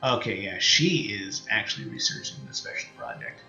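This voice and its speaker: A man's voice: medium pitch, big pitch swings, moderate pace, gravelly, bright, forceful tone, echoey room, faint music behind, low-quality recording. A man with a Canadian accent commentating on his strategy game in a casual, rambling way, full of fillers and half-finished thoughts. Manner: thinks aloud, many fillers and trailing-off sentences. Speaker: let's play streamer.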